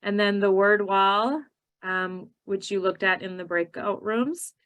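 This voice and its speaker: A woman with a Minnesotan accent walks teachers through her classroom strategies in a steady, explanatory way. She leans on key words, drawing them out slowly so that each one lands. Her voice sits at an ordinary middle pitch. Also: clean tone, low-quality recording. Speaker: ESL teacher trainer. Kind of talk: teacher training presentation.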